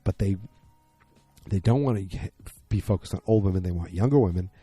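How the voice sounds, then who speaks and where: Male podcast host, low husky voice, dry close sound, loose rambling recap. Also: fairly quick, warm tone, no echo, soft background music. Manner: rambling, loose, many fillers and restarts. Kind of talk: casual episode recap.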